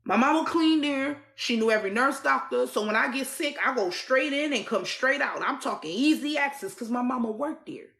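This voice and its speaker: A woman's voice: high-pitched, expressive, moderate pace, gravelly, hardly any pauses, fairly bright tone, reverberant. A woman telling her own life story in an emphatic, repetitive way, often restarting her sentences. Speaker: survivor sharing her story. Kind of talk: personal storytelling.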